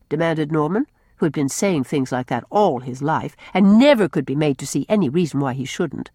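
A woman reading a novel aloud as narrator, in an expressive storybook manner. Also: low voice, moderate pace, husky, no echo, studio quality. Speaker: audiobook narrator. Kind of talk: scripted narration.

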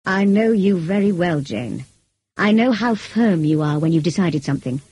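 A brooding, passionate middle-aged gentleman, read by a woman with a low, husky, very breathy voice. He speaks intensely and pleads, warm and mellow in tone, recorded dry and close. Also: expressive, moderate pace, dry recording, poor audio. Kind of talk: audiobook character reading.

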